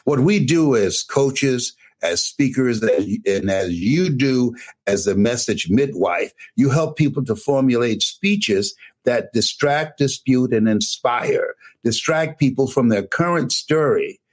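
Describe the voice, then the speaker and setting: An older man giving an energetic, preacher-like motivational talk, emphatic and whooping, recorded on a camera in a room. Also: medium pitch, slow, hardly any pauses. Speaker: motivational speaker.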